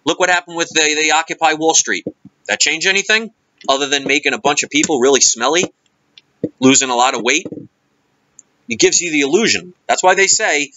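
A man's voice: fairly high pitch, a little fast, pushed and bright, no echo, lo-fi sound. A man vlogger giving an impassioned, sarcastic and preachy monologue rant.

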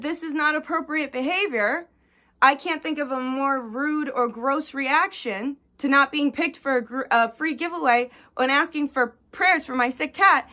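Young woman spiritual reader, vlog rant, high bright voice, blunt and profane. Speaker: spiritual reader and shop owner. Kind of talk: ranting vlog monologue.

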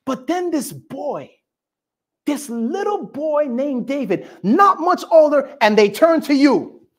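A male pastor preaching a sermon, telling the story with lively call-and-response to the congregation. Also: extremely high pitch, takes it slowly.

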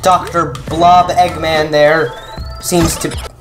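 A man doing casual gameplay commentary, rambling with self-mocking asides and sudden shouted outbursts. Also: a little high, slow pace. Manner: excitable, jumps from mutters to shouted outbursts. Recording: game music playing underneath. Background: game music.

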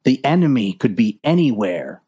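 A woman voicing an earnest, nervous male sailor sidekick in a low, plodding voice. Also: big pitch swings, normal speed, mellow, slightly rough, full character voice. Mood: worried.

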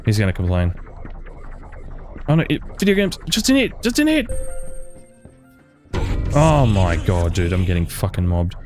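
A young man giving sweary, frantic let's-play commentary, yelping high when panicked. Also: wildly swooping pitch, unhurried, pauses often, darkish tone, faint music behind. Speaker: gaming YouTuber.

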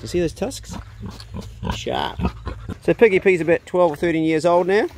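A man with a New Zealand accent chats in an easygoing, slangy way while he films himself on a rural property. He holds a phone up close, so the sound is a bit rough. There is a faint hiss of wind and outdoor air behind him. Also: on the high side, moderate pace, pauses often, a little mellow. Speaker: outdoor food vlogger. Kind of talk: casual chat. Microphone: handheld phone.

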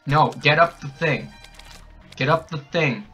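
A young man hyped up on energy drinks, narrating his gameplay, yelling and cackling at every death and win. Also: fairly high pitch, unhurried, soft background music. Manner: excitable, shouts and cackles at the game. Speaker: gaming channel host. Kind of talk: hyper gameplay commentary. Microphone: desk mic with a camera nearby.

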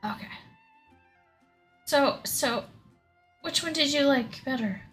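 Brief: breathless giggly woman streamer, bright voice, unhurried chatter. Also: sits high, soft background music. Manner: giggly, laughs often between words. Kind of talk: casual livestream chat.

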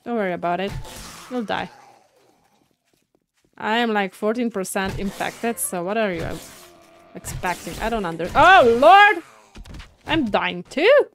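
A woman streaming a survival game, chatting casually with teammates, laughing often and yelling when things go wrong. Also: mid-range voice, normal speed, long pauses, a little hiss or hum. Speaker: gaming streamer. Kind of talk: casual let's-play commentary.

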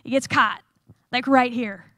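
A woman with a high, bright voice preaches in a light, joking way, building her point through self-deprecating stories. She acts out little scenes as she goes. The sound is dry and close, with no room around it. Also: unhurried, dry recording. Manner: animated, self-deprecating storyteller acting out scenes. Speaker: chapel speaker. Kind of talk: humorous sermon storytelling.

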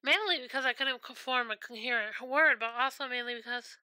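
A woman game streamer with a very bright, crisp, slightly high voice, heard close and dry from a home desktop mic. She rambles in casual chat, swearing freely as she tells stories between loading screens. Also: brisk, no room sound. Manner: rambling, profane storytelling.

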